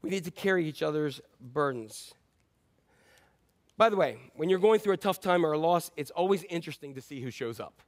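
A middle-aged male pastor preaching a sermon, telling stories in a conversational way and swinging between loud emphasis and quiet asides. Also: on the high side, lively intonation, fairly quick.

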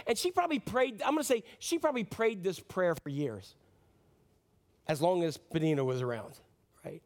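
High-voiced man preaching an impassioned sermon. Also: animated, moderate pace. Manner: earnest, impassioned preaching with direct questions to the congregation. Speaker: pastor.

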